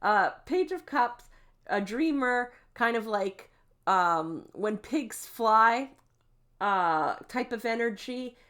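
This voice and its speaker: A woman giving a tarot card reading, gentle and reassuring, with frequent fillers and "okay?" check-ins. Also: medium pitch. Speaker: tarot reader.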